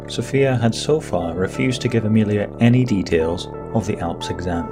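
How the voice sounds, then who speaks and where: Low-voiced male storyteller, steady delivery, with a clear music bed underneath. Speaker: narrator. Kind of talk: storybook narration.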